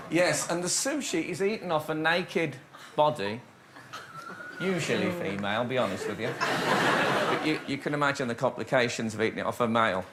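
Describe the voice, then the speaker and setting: A man's voice: medium pitch, lively intonation, moderate pace, long pauses. A man hosting a comedy talk show, telling jokey stories to a studio audience. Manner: jokey and playful, laughing often. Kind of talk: comic storytelling before a studio audience. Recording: loud studio audience and noise.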